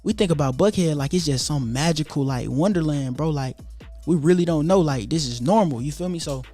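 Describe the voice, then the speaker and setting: Animated young man, slangy storytelling. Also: on the high side, brisk, faint music behind. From Atlanta, USA. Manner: animated, profane street slang, acts out quoted voices. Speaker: YouTuber telling his story. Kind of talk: casual storytelling monologue.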